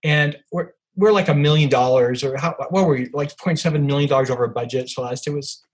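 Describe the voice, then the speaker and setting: A man's voice: a little high, brisk, low-quality recording. An older man, an author, telling rambling anecdotes as a podcast guest, with many restarts and fillers. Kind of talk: storytelling in a podcast interview.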